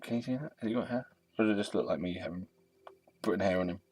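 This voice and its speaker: A man's voice: low voice, quick pace, darkish tone, breathy edge. A tired man rambling casually and self-deprecatingly to a statue while he films. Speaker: vlogger.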